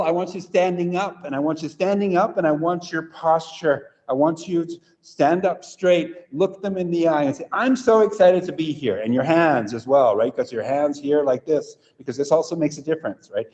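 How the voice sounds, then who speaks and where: Energetic man leading a teacher workshop. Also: on the high side, normal speed, big-room sound, muffled recording. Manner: energetic, demonstrative, repeats "right?" often. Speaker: teacher trainer. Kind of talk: live online teacher workshop.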